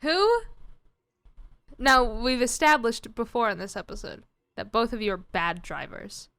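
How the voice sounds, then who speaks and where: A woman's voice: on the high side, moderate pace, creaky, fairly bright tone, clean tone, no echo. A young adult woman hosting a casual comedy podcast, rambling through stories with lots of fillers and giggles. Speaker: podcast host.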